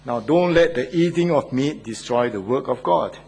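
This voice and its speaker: A man's voice: medium pitch, animated, normal speed, vocal fry, darkish tone, breathy edge. An older man, a church elder, preaching an earnest sermon and asking his listeners questions. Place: Australia.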